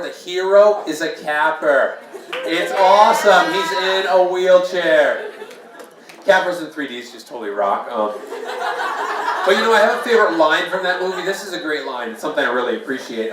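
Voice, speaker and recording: A man's voice: fairly high pitch, noisy background. Joking man on an echoey club stage. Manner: jokey, self-deprecating, playful crowd asides. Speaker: stand-up comedian. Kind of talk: open mic stand-up set. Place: small bar open mic stage. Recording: echoey room mic from a distance. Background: audience laughing.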